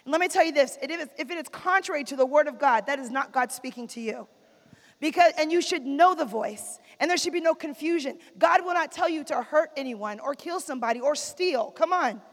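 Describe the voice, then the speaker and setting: A woman's voice: high voice, expressive, brisk. A woman preaching a sermon in a church, calling for amens from the congregation and repeating lines for emphasis. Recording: long reverb of a large hall.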